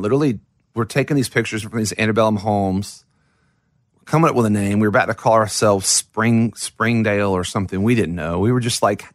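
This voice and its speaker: A man's voice: lowish voice, dry recording, studio quality. A man who plays in a band, telling stories as an interview guest in a rambling, self-deprecating way with many restarts. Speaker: musician guest. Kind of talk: casual interview storytelling.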